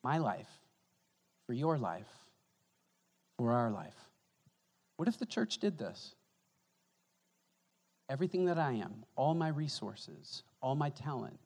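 A male pastor giving an animated, conversational sermon in a church, joking with the congregation. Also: mid-range voice. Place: church sanctuary. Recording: echoey church hall.

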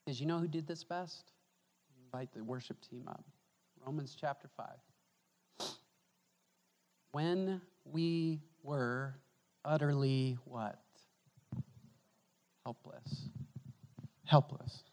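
A male pastor giving an animated, conversational sermon in a church, joking with the congregation. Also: a little high, takes it slowly, long pauses. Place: church sanctuary. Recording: echoey church hall.

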